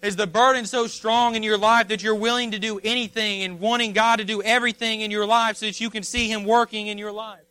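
Impassioned preacher, bright and high. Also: male voice, steady tone, a little fast, clear, resonant tone, no echo, poor audio. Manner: impassioned, pleading preaching that rises to near shouting. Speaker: pastor. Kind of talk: sermon.

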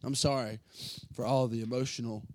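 A pastor preaching an emotional sermon from the pulpit, earnest and building to fervent passages. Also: male voice, medium pitch, steady tone, a little fast, a little mellow, dry recording.

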